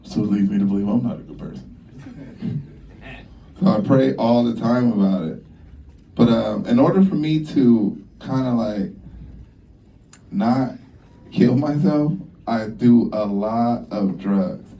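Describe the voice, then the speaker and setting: A young man doing a stand-up routine on a comedy club stage, brash and profane, acting out both sides of his stories with sudden jumps in pitch. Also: slow, creaky, pauses often, warm tone, recorded from a distance.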